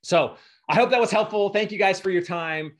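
Earnest motivational man, slightly high voice. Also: a little fast. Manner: earnest, emotional, preachy. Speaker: guest speaker. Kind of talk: motivational talk.

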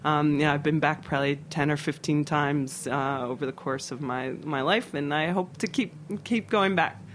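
Middle-aged man from Philadelphia, chef and guest on an interview show; halting, filler-heavy delivery, pitched a little high, faint noise behind him. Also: fairly bright tone. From Philadelphia, USA. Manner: halting, with many fillers and restarts. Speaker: restaurant owner and chef, guest. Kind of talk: casual interview conversation.

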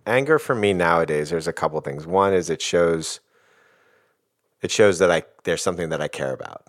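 Speaking as a guest on the subject of emotions, a middle-aged man talks reflectively and casually, leaning on many fillers such as "like" and "you know." He has a low-pitched voice with lively intonation and a moderate pace.

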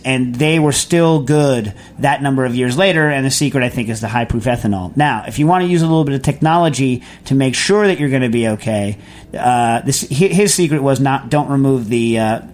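A man's voice: mid-range voice, darkish tone. A man hosting a cooking radio show, talking casually and rambling through technical explanations with many restarts. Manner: rambling, self-correcting, digressive. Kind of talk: casual unscripted radio talk.

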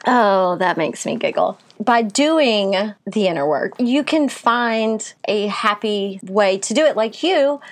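A woman talking in a relaxed, candid way on a casual podcast. She laughs easily and drops the odd swear word. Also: medium pitch, slow, hardly any pauses. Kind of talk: casual chat.

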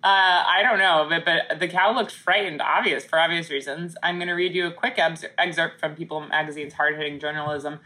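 A woman co-hosting a podcast, her voice pitched slightly low but bright and forceful. She jokes constantly and laughs often in loose, casual conversation. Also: fairly even intonation, a little fast, few pauses. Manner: jokey, laughs often, mock newscaster reading. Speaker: podcast co-host. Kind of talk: casual comedic chat.

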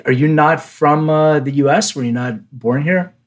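A man's voice: a little high, moderate pace. A man with a Philadelphia accent hosting a podcast interview, chatty and friendly, often restarting his questions. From Lithuania. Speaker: podcast host. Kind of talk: casual interview chat.

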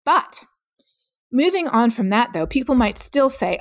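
A woman's voice: a little high, big pitch swings, a little slow, no echo. Middle-aged woman guest, earnest explainer, dry close sound. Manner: earnest, explanatory, laughs easily. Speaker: climate scientist guest. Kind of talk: podcast interview.

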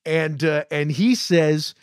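A man's voice: a little high, takes it slowly, clean tone, no room sound, clean studio sound. A man co-hosting a podcast, telling a road story in a casual, self-deprecating way with many restarts. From United States. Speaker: podcast co-host.

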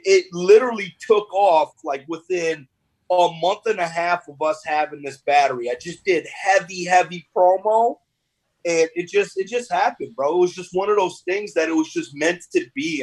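A man guesting on a casual podcast interview, relaxed and streetwise, often repeating words and calling the host "bro". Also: high voice, husky, low-quality recording. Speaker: podcast guest, business owner.

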